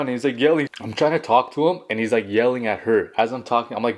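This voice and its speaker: Young man, mukbang vlogger, casual storytime, mid-pitched voice, loose filler-heavy delivery. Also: steady tone, quick pace. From Canada. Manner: chatty, filler-heavy storytelling with acted quotes. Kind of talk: casual storytime while eating.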